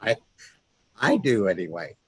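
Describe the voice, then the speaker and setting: Man, host, lowish voice, dry close sound, casual storytelling, frequent restarts. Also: unhurried, breathy edge, dry recording, low-quality recording. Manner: animated storyteller, self-interrupting restarts. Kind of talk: casual interview chat.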